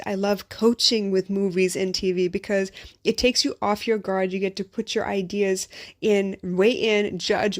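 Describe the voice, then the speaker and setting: A woman's voice: medium pitch, a little mellow. A woman hosting a podcast as a life coach, talking in a candid, conversational monologue at three in the morning, a little tired and sharing personal stories. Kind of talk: casual late-night podcast monologue. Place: living in Singapore.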